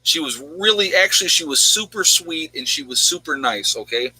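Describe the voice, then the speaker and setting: A man's voice: on the high side, expressive, moderate pace, bright, forceful tone, breathy edge, dry recording, poor audio. A man hosting a casual livestream, chatting in a rambling way and answering viewers' questions. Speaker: livestream host.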